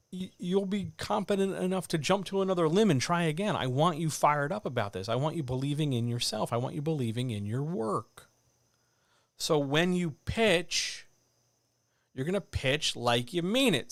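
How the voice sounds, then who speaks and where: A man coaching writers in a livestreamed talk, animated and addressing listeners directly, with muttered asides to himself. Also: fairly high pitch, moderate pace, no room sound. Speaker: writing coach. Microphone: desk microphone.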